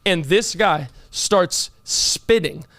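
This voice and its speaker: A man's voice: high voice, very slow, no echo, clean studio sound. A man co-hosting a podcast, telling a story in casual chat and acting out the lines of the people in it. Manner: animated storyteller, acts out other people's lines. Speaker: podcast co-host.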